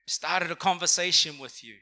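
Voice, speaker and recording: A man's voice: on the high side, moderate pace. A young man preaching a sermon in a church, talking conversationally and calling on the congregation to respond. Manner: energetic, conversational, calls for audience response. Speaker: pastor. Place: church auditorium.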